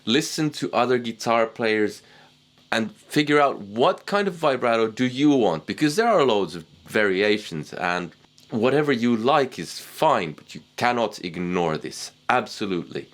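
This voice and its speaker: A man teaching guitar technique in a casual, relaxed way, poking fun at himself. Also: medium pitch, a little slow. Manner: relaxed, self-deprecating, chuckles at himself. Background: guitar playing.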